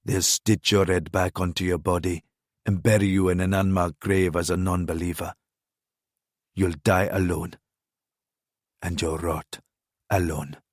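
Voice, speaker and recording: A man voicing a menacing, mocking crown prince in an audiobook thriller, speaking in a low, scornful, taunting tone. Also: flat delivery, unhurried, pauses often, no echo, clean studio sound. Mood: contemptuous.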